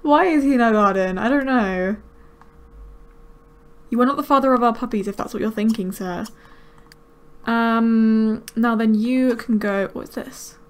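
A gaming video creator, a woman with a fairly high-pitched voice, provides casual let's-play commentary. She talks to her game characters and lets out quick, excited exclamations.

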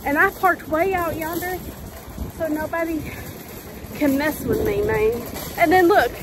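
A woman hosting a casual vlog outdoors, gushing with excited exclamations while filming on a handheld phone. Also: high voice, measured pace, background noise. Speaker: couponing channel host. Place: outdoors in a parking lot.

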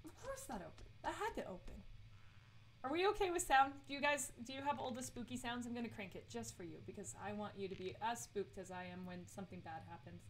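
A woman's voice: a little high, quick pace, few pauses, slight background noise. A woman streaming a horror game, chatty and giggly as she talks to herself and her chat. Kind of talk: live let's play commentary.

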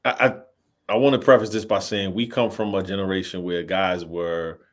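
A man in his thirties co-hosting a casual chat, animated, quoting lines and restarting his sentences. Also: low-pitched, moderate pace. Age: 30s. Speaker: podcast co-host. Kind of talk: casual chat about rap.

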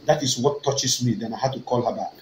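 A man with a Nigerian accent, an online activist broadcaster, gives an impassioned, emphatic political talk, repeating himself and rising to fervent outbursts. His mid-range voice is fairly quick. The low-quality recording is echoey, with slight background noise.

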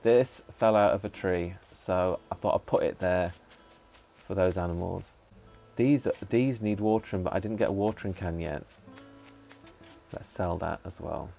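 A lower-voiced man talks through his gameplay in a loose, chatty way, muttering to himself and the characters. He breaks into excited bursts now and then, with faint music playing behind him. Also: moderate pace, vocal fry. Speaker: gaming channel host. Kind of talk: casual gameplay commentary.

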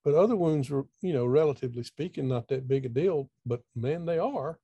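Gravelly, folksy man. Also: a little high, fairly quick, mellow, dry recording, dull audio. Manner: folksy, conversational, repeats words as he thinks. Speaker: speaker. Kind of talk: storytelling talk. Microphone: video call.

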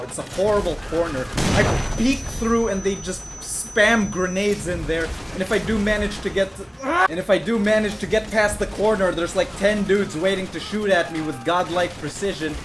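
A young man commentating his video game playthrough, joking and sarcastic and breaking into sudden shouts. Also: sits high, moderate pace, few pauses. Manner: jokey, sarcastic, bursts into shouts. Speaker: gaming YouTuber. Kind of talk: gameplay commentary. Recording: clear music playing behind.

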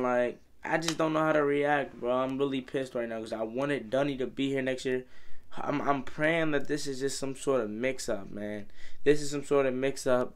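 A young man vlogging about football, rambling and exasperated, peppering his talk with "bro" and "man.". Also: medium pitch. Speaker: sports vlogger. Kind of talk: casual fan commentary.

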